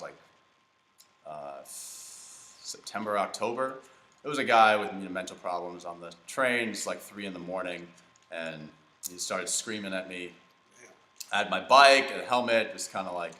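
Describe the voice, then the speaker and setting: A man's voice: deep voice, bright, forceful tone. A man hosting a comedy podcast, chatting casually while playing a video game and telling rambling stories with fillers and restarts. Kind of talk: casual chat while gaming. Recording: echoey room.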